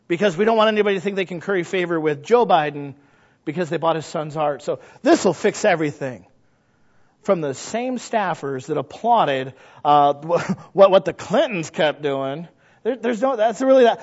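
A fairly high-voiced male pastor preaching in an emphatic, conversational way, asking his listeners questions and swinging from low asides into loud outbursts. The recording sounds muffled and lo-fi. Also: lively intonation, a little fast. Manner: conversational, asks the congregation questions. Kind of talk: sermon.

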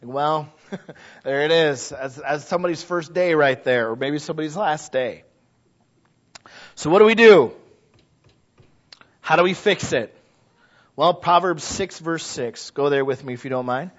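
A middle-aged male pastor preaching a sermon in a church, talking conversationally and building to loud exhortation. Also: a little high, a little slow, pauses often. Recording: dull lo-fi recording.

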